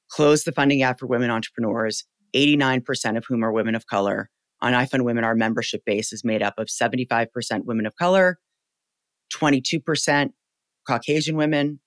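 A woman in her forties with a very deep voice, telling stories as a guest in an animated, emphatic, casual way. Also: dry recording. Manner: animated, emphatic, salty storytelling with "like" fillers. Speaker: podcast guest, company founder. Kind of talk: casual interview chat.

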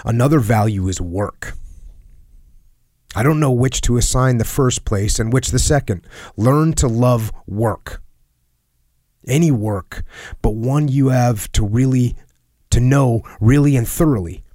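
A man reading a personal letter aloud in a solemn, earnest and measured way, sometimes dropping to a hush. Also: medium pitch, dry recording, studio quality. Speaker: reader of a letter.

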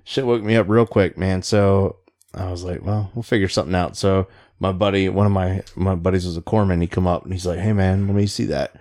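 A man's voice: low-pitched, fairly even intonation, brisk, a little mellow. A middle-aged man, a Navy veteran, telling rambling stories in casual chat, swearing freely and laughing along.

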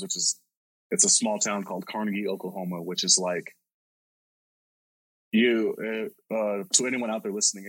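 A man with a low, slightly husky voice tells a story in a loose, rambling way, swearing freely and leaning on "like" between thoughts. The sound is dry and close, with little room around it. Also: a bit bright, dry recording, poor audio. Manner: rambling, profane, lots of "like". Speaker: podcast host. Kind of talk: casual storytelling.

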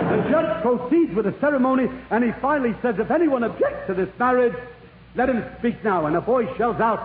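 A man's voice: very high-pitched, fairly quick, a little hiss or hum. A man doing a stand-up comedy routine for an audience, explaining an opera with mock seriousness and chuckling at his own punchlines. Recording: tinny echoey old radio broadcast.

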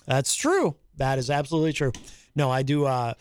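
A man's voice: mid-range voice, expressive, moderate pace, clean tone, dry recording, clean studio sound. A man hosting a casual talk show, joking and laughing often. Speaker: host.

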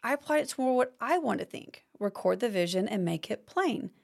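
A woman hosts a faith-based teaching podcast in a fairly high voice, speaking close to the mic. She talks expressively and slips into acted-out complaining prayers. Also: lively intonation, fairly quick, creaky, darkish tone. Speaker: podcast host.

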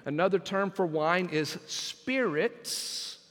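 A man preaching a sermon as pastor, emphatic and swinging between quiet, drawn-out phrases and loud bursts. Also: sits high, in a large hall.

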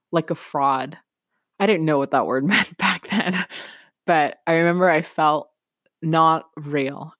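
A woman with a fairly low voice tells a personal story on her podcast, candid and reflective, with plenty of casual "like"s. The sound is close and dry, with no room around it. She steers the story toward gentle motivational encouragement. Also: dry recording. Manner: candid, reflective, chatty with many "like"s. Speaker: podcast host.

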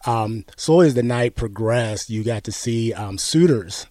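A man's voice: mid-range voice, lively intonation, unhurried, dark tone, no room sound. A man in his forties hosting a morning radio show in a studio, chatting casually with many ums and easy laughs. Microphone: studio microphone.

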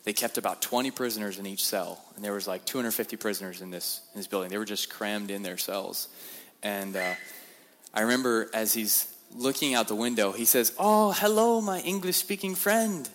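Low-voiced man giving a church testimony. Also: brisk. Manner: animated storyteller, repeats words, acts out quotes. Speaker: guest speaker. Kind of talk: sermon-style testimony. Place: church sanctuary. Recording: reverberant church hall.

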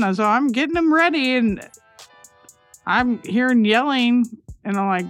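A woman co-hosting a podcast, telling stories in a casual, animated way, swearing and acting out voices. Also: mid-range voice, normal speed, faint music behind. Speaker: podcast co-host. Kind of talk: casual chat.

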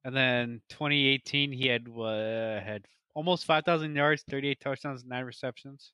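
A man co-hosting a casual fantasy football podcast, talking excitedly and rambling through player stats with lots of restarts. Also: mid-range voice, moderate pace, clear, resonant tone, dry recording. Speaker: podcast co-host. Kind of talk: casual chat.

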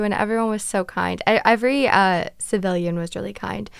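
A young woman vlogger telling a travel story in a chatty, dramatic way with quick asides. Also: mid-range voice, steady tone, vocal fry, clean tone, no echo, studio quality. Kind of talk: casual storytelling vlog.

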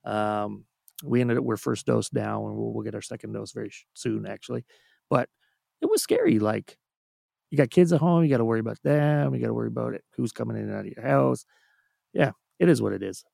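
A chatty man, talking as a guest on a podcast. His mid-pitched voice is strongly gravelly, and he laughs easily. The recording is dry and close. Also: animated, brisk, dry recording. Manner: warm, chatty, laughs often. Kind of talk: casual chat.

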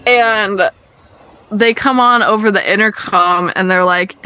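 A woman's voice: medium pitch, measured pace. A young woman casually telling a story on a podcast, acting out the other people in it. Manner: animated, acts out other people's voices.

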